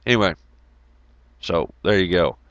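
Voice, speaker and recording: A man's voice: deep voice, unhurried, no echo, lo-fi sound. Guy ranting casually, swears a lot, laughs, voice bounces all over, dry close sound. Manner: profane, laughing, animated storytelling. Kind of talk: rambling casual monologue.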